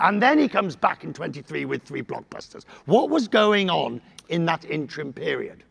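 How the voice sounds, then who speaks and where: A man interviewing a guest on stage, halting and repeating words as he shapes his questions. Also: on the high side, sing-song, gravelly, slightly rough.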